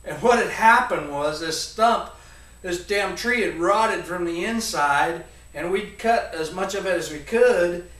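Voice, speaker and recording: A man around forty, telling a comic story to an audience in a rambling, animated way. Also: high voice, unhurried. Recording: echoey room, voice from a distance.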